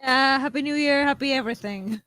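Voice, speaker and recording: Female guest, chatty and stammering, slightly high, dry. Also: normal speed, fairly bright tone, dry recording. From Argentina. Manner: chatty, stammering restarts, laughs often. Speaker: guest writer. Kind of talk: casual chat.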